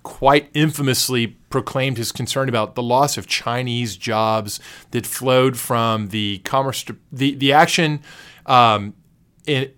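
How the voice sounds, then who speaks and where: A man co-hosting a casual podcast, picking his way through legal analysis. He hedges and restarts often, stacking fillers as he searches for the right term. His voice sits at an ordinary middle pitch. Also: fairly bright tone. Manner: hesitant, many fillers and self-corrections; analytical, measured legal commentary. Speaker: podcast co-host.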